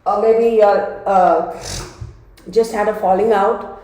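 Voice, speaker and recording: A woman's voice: mid-range voice, fairly even intonation, slow, dark tone. Chatty woman with a cold, echoey room. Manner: chatty and dramatic, addresses viewers as y'all. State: congested from a cold. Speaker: tarot reader. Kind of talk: casual tarot reading to camera.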